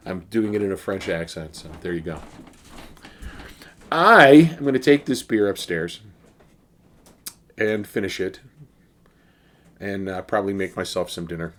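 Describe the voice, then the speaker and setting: Chatty, very low-voiced man reviewing beer. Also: lively intonation, normal speed, pauses often. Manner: rambling, chatty, with fillers and restarts. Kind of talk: casual beer review vlog.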